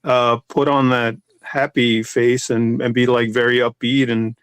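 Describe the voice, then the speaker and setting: A comic artist talking in a casual podcast chat, rambling with many restarts and fillers. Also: male voice, mid-range voice, flat delivery, a little slow, fairly bright tone, smooth, dry recording.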